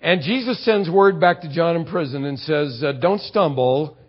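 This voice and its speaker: A man with a somewhat high voice gives a conversational sermon. He acts out quotes along the way and sinks low and soft to land his points. The recording is muffled and lo-fi. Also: lively intonation, normal speed. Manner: conversational preaching with acted-out quotes and emphatic drops in pitch. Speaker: pastor.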